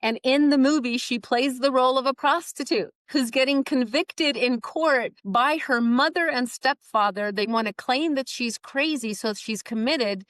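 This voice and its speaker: Animated storytelling woman, dry close mic. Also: sits high, moderate pace, hardly any pauses, no room sound. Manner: animated storyteller, acts out quoted voices. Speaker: guest. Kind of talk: podcast interview storytelling.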